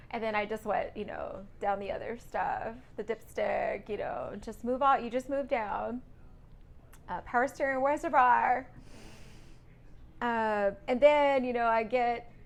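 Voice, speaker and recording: A woman's voice: fairly high pitch, vocal fry. A woman talking in a casual vlog about her truck driving lessons, rambling and correcting herself as she goes.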